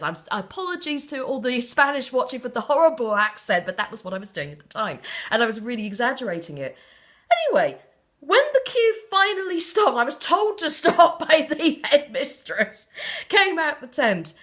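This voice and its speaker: A woman from South West England telling stories in a casual interview, animated and theatrical, often laughing as she talks. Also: a little high, brisk. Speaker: interview guest.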